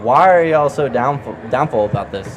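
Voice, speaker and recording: A man in a casual sports chat, excitable and slangy. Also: mid-range voice, a little fast, noisy background. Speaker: podcast co-host.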